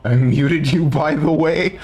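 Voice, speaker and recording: This man's voice sits on the high side and sounds husky. He's streaming a video game, chatting casually as he plays and joking and bantering with his viewers in chat.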